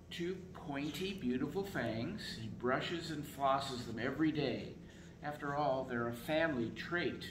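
A man reading a children's picture book aloud in a slow, expressive storytelling voice, in council chambers. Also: medium pitch, reverberant, background noise.

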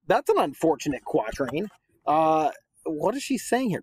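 A man's voice: fairly high pitch, big pitch swings, unhurried, darkish tone, slight background noise. A man teaching a poem in a casual lesson, chatty and full of rhetorical questions and fillers.

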